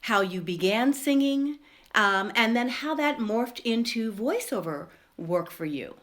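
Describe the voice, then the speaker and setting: A woman's voice: on the high side, animated, unhurried, a bit bright. A woman hosting a podcast interview, enthusiastic and effusive as she welcomes and questions her guest. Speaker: podcast host.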